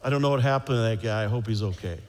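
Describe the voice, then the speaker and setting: A man's voice: fairly low pitch, very fast, big-room sound, slight background noise. A middle-aged American man telling a stand-up story. He rambles, mocks himself, repeats his phrases and acts out the sounds. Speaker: stand-up comedian.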